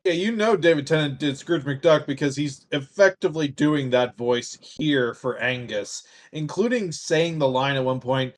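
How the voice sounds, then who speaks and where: A man's voice: fairly high pitch, moderate pace, hardly any pauses. Man telling a joking tangent. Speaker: podcast co-host. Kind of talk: casual chat.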